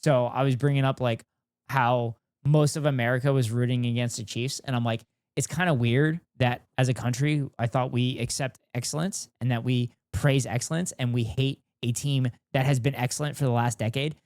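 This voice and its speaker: A man's voice: medium pitch, fairly even intonation, normal speed, a little mellow, dry recording. A young man streaming, chatting casually and ranting with heavy swearing and sarcasm. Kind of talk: casual stream chat, reacting and reading chat.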